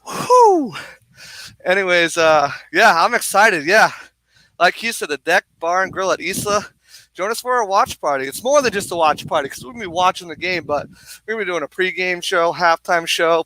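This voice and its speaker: A man co-hosting a live sports watch-party stream outdoors on a bar deck, excitedly reading viewer comments and a little out of breath. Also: sits high, dry recording, rough recording. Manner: hyped, energetic, reads viewer comments aloud.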